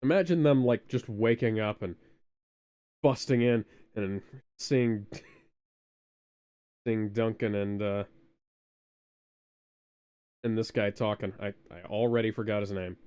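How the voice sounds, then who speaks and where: A man's voice: fairly low pitch, slow pace, long pauses, warm tone, clear, resonant tone, highs cut off. A man co-hosting a casual watch-along, riffing with crude jokes and asides. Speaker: co-host.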